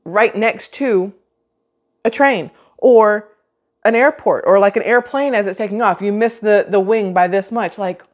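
A woman's voice: medium pitch, measured pace. Chatty, sarcastic woman. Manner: sarcastic, chatty, rambling with many restarts. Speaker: vlogger. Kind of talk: casual commentary vlog.

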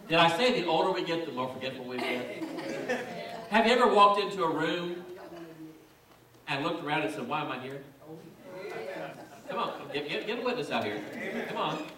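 Reading scripture from the pulpit, this man speaks at a normal rate in a sharp, animated, higher-leaning voice, pausing often. His preaching grows emphatic and repetitive, its fervor climbing. The room is echoey and the mic sits far away.

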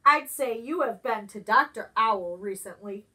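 A woman doing a loud, proud eagle. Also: on the high side, lively intonation, unhurried, husky, heavily acted. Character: proud, sharp-eyed male eagle, big-winged.

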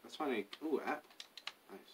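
Here a man, a gaming YouTuber, talks casually to himself during a survival game, rambling through offhand stories. He speaks fairly quickly at a medium pitch, with a distant mic and a little background noise.

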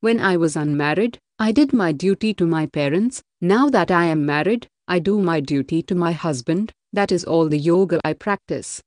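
A woman reading the part of a humble, wise housewife with steady, plain delivery in an audiobook. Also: on the low side, normal speed, hardly any pauses, dry recording, studio quality, close to an everyday voice. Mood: explaining.

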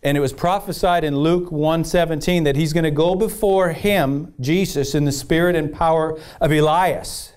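A man's voice: a little high, darkish tone. A man preaching a sermon with passion, repeating phrases and reading scripture aloud. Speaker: pastor.

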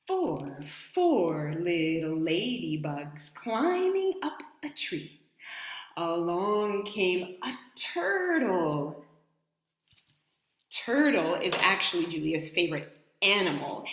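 A woman from New York State telling a counting rhyme story to children, gentle and playful, with a slow sing-song delivery. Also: lowish voice, lively intonation. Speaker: storyteller and dance educator. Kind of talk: children's story time with movement. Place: home in Italy, echoey room. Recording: echoey room.

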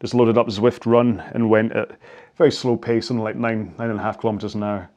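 A Scottish indoor rowing coach in his forties talks through cool-down stretches in a chatty, rambling manner, dropping self-deprecating asides as casual workout instruction. His voice is lowish with little pitch movement, fairly quick and a little mellow, with a lo-fi sound.

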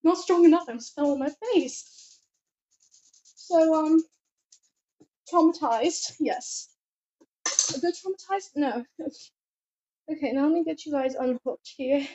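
A teenage girl vlogging outdoors at home, chatting in a rambling, giggly, excitable way into a handheld phone. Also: high-pitched, slow, long pauses. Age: teens. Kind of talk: casual chatty vlog. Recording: dull, muffled phone audio.

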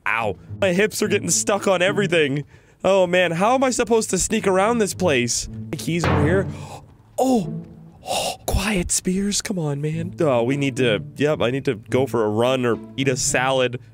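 A man hosting a game role-play video, excitable and jokey, yelping and gasping as he plays. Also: on the high side, moderate pace, music in the background. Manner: excitable, yelps and gasps, jokey. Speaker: gaming channel host.

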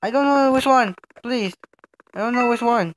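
A woman giving excited let's play commentary, full of exclamations and laughter, recorded on a phone. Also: moderate pace, soft background music. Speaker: gaming channel host. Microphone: phone microphone. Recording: noisy, low-quality phone recording.

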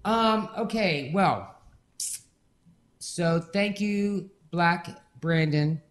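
A man's voice: sits high, extremely slow, a little hiss or hum. Campy male talk show host. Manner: campy, calls people honey. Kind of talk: casual raunchy chat.

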